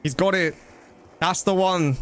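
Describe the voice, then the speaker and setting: A man chatting casually while streaming a game, rambling and breaking into quick exclamations. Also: high-pitched, clean tone. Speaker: gaming streamer. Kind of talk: casual live-stream commentary.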